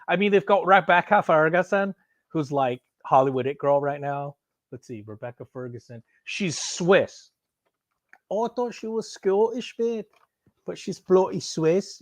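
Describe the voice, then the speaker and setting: A man chatting casually on a live stream while unboxing, excitable and rambling, swearing freely. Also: on the high side, dry recording. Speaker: streamer unboxing and answering chat.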